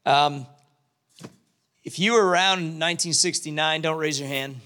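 A man in his late forties, a pastor, preaching to his church and praying in a conversational, halting way with many restarts. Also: a little high, sharp tone, smooth. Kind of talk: sermon with prayer and storytelling. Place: church sanctuary.

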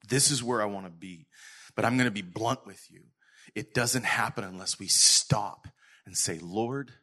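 A middle-aged male pastor preaching a sermon earnestly to his congregation, sometimes falling to a soft whisper. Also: lowish voice, normal speed, breathy edge. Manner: earnest, drops to soft whispers when quoting God.

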